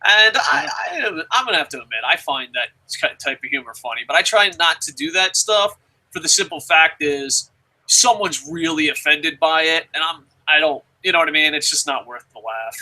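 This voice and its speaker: A man's voice: a little high, lively intonation, moderate pace, sharp tone, rough recording. A man from New Jersey hosting a casual chat show, rambling and cursing freely with frequent laughs. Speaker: show host.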